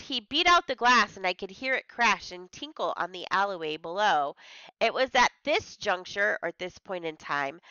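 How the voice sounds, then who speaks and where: A woman's voice: high-pitched, bright, forceful tone, clear, resonant tone, no room sound, dull audio. A woman teacher reading a story aloud to a class, stopping to explain hard words in simple terms.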